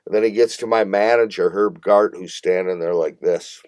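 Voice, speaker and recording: A man from Minneapolis with a deep, low voice tells a long story as a guest musician. He talks in an animated, rambling way, swearing freely and laughing as he goes. The sound is dry and close, with no room around it. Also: normal speed, no echo. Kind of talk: casual storytelling interview.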